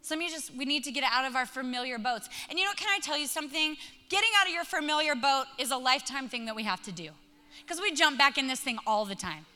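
A woman's voice: sits high, lively intonation, fast, bright, forceful tone, soft background music. A woman preaching a sermon in a conversational, emphatic way, urging her listeners on. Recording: long hall reverb.

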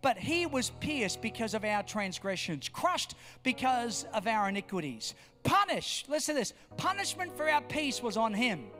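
A man's voice: very high voice, big pitch swings, normal speed, few pauses, bright, forceful tone. A man preaching a sermon, emphatic and repetitive, firing questions at his congregation. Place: church hall. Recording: long hall reverb, faint music.

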